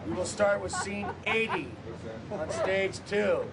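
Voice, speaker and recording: Man doing pompous set announcer, high, official, far off, noisy. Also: steady tone, measured pace, over a noisy crowd. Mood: mock-official. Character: pompous male set manager announcing schedule. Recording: distant, noisy with traffic.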